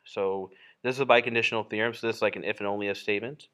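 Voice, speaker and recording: Racing along in a steady, sharp tone, this lowish-voiced man explains a geometry lesson as he draws. He's a math teacher with a casual style, using frequent fillers and correcting himself often. The sound is clean.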